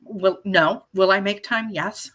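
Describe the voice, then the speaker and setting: A woman in her fifties talks as an interview guest in a relaxed, chatty way. She is playful and lively and keeps restarting her sentences. Her pitch sits in a middle range for a woman. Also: unhurried. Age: 50s. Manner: lively, playful, restarts often, acts out little scenes. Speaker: guest, life coach. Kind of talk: casual interview chat.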